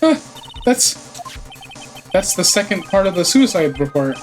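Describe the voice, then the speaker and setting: A man's voice: sits high, big pitch swings, measured pace, soft background music. A man voicing an anxious young defense attorney who sounds flustered and unsure. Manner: flustered, questioning. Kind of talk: game dialogue read aloud.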